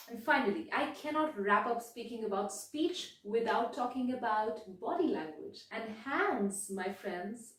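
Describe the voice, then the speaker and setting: A woman speaking coach giving a measured, deliberate video lesson, stressing key words. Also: mid-range voice. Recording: very echoey room, voice from far off.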